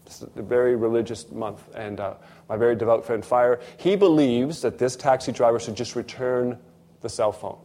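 A man's voice: mid-range voice, normal speed. A man preaching a sermon, telling a story and acting out the dialogue. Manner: animated storyteller, acts out dialogue.

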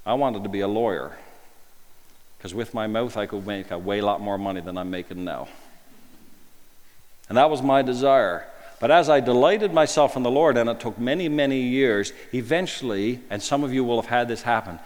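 A man delivers a sermon in a middle-pitched voice. He talks to the congregation conversationally and keeps asking rhetorical questions. He moves between emphatic bursts and quiet, hushed lines. His voice carries a long reverb, as in a large church hall. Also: normal speed. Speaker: preacher.

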